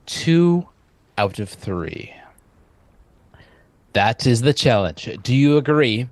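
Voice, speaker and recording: A man voicing an arrogant young noble marquis in a tabletop game, speaking formally and slowly. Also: mid-range voice, very animated, no room sound. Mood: haughty. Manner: formal, stately, slow speech.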